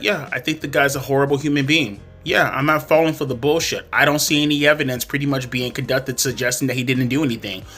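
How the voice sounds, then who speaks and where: A fairly high-voiced man rants bluntly and swears freely, his tone bright and forceful. He tells his story in a heated, conversational way, with faint music behind him. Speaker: commentary vlogger. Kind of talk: ranting commentary and storytelling.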